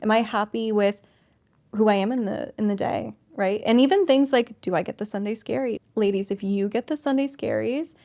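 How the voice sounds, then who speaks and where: Gravelly-voiced woman guest, candid and chatty. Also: fairly high pitch, a little fast. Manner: candid, animated, peppered with "like". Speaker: sales coach and guest. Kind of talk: casual conversational interview.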